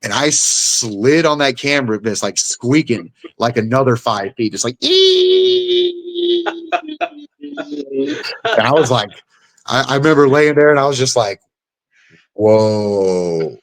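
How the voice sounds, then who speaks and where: Profane, animated male fighter telling stories. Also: medium pitch, moderate pace, dry recording. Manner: animated, profane, acts out blows with sound effects. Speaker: guest fighter. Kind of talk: casual storytelling.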